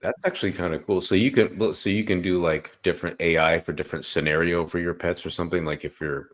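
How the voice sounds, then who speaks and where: A man co-hosting a casual podcast, asking loose, halting questions full of "like.". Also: sits low, steady tone.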